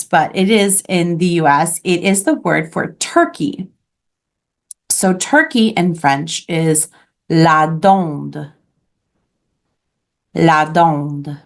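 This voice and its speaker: A woman's voice: on the low side, very animated, slow pace. A woman teaching a beginners' French class online, patiently modeling each word for her students. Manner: patient, clear modeling of pronunciation.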